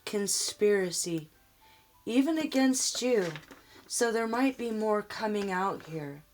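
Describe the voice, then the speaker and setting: Slow, earnest woman giving a tarot reading. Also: medium pitch, animated, faint music behind. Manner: slow, emotional, earnest, addressing the viewer directly. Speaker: tarot reader.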